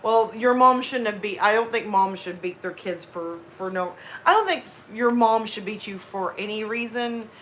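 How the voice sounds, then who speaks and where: A woman's voice: mid-range voice, lively intonation, normal speed, hardly any pauses, a bit bright, slight background noise. A woman in her thirties with a Southern US accent, casually chatting with her live chat and rambling through asides. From American South. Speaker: livestream host reading chat.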